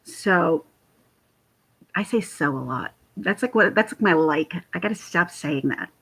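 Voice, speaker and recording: Husky-voiced woman in her forties. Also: lowish voice, a little slow. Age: 40s. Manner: rambling, animated storytelling. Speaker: vlogger chatting with live viewers. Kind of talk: casual livestream chat. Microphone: computer mic.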